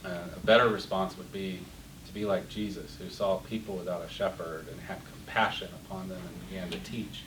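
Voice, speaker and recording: A middle-aged man with a deep voice teaches an interactive Bible class, speaking briskly with a flat delivery even as he grows passionate, gets worked up, and repeats words. The recording sounds roomy and distant, with a faint hiss.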